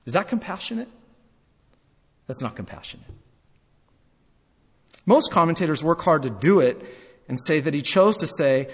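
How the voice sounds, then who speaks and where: A man's voice: fairly high pitch, animated, moderate pace, long pauses, breathy edge. Dramatic preacher man in a reverberant hall. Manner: dramatic, swings between loud and hushed; repeats phrases for emphasis. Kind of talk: sermon.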